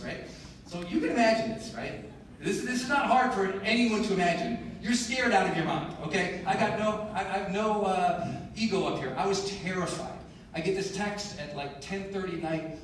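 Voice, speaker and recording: A man giving a live motivational keynote in a large conference hall, telling a story in an animated, emphatic way with self-deprecating humor. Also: high-pitched, normal speed, slight background noise. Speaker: motivational speaker. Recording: echoey hall, distant mic, audible room ambience.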